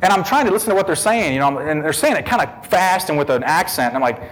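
A man giving a personal testimony as an animated story, laughing often and calling people "man". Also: high-pitched, fast, slight background noise, rough recording. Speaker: speaker telling a conversion story.

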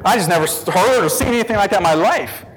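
Lively high-voiced man telling his story. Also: quick pace, slight background noise, rough recording. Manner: animated, laughs often, says "man" a lot. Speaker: speaker telling a conversion story. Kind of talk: personal testimony storytelling.

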